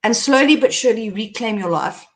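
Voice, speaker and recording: Lady hosting, honest personal chat, gets animated telling it. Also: on the high side, a little fast. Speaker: host. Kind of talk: candid personal storytelling.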